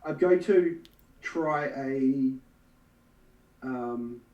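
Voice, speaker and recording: A man's voice: mid-range voice, drawn-out words, darkish tone, echoey room, recorded from a distance, dull audio. A man playing a nervous young warlock in a tabletop role-play, stammering and hesitant. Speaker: player.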